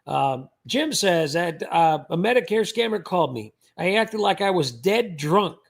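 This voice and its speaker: A man's voice: high voice, lively intonation, measured pace, creaky. A man hosting a livestream, chatting casually in a rambling way with frequent restarts. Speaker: livestream host.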